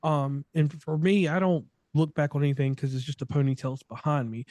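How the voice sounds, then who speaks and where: A man's voice: on the high side, fairly even intonation, brisk, darkish tone, no room sound. A man in his thirties interviewing a guest, chatty and joking, with long rambling questions. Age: 30s. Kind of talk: casual interview.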